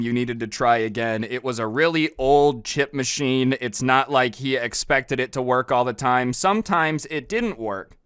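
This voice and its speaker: A man's voice: mid-range voice, a bit bright, clean tone, no echo, studio quality. Casual man telling a storytime. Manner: casual, exasperated, sarcastic asides. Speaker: storytime vlogger. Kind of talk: storytime narration.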